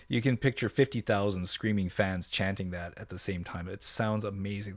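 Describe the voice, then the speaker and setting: A man with a fairly low voice gives a casual music review. He talks with open enthusiasm, stopping and restarting his sentences and filling the gaps with ums and uhs. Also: steady tone. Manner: enthusiastic, halting with many fillers and restarts. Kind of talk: casual reaction commentary.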